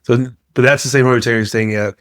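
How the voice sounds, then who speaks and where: A man's voice: mid-range voice, steady tone, brisk, a bit bright, no room sound. Male podcast co-host, easygoing and teasing, dry close sound. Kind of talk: casual chat. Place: home kitchen.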